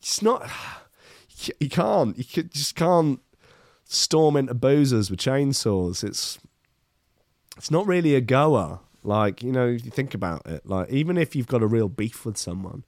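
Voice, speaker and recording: A man's voice: medium pitch, big pitch swings, measured pace, a little mellow, no echo, clean studio sound. A man reading news articles aloud and commenting on them casually, with sardonic, rambling asides.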